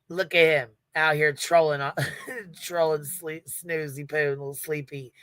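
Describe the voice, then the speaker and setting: A woman's voice: sits low, fairly even intonation, slow, fairly bright tone, no echo. A woman hosting a livestream in casual commentary, brash and profane, often breaking into laughter. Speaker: livestream host.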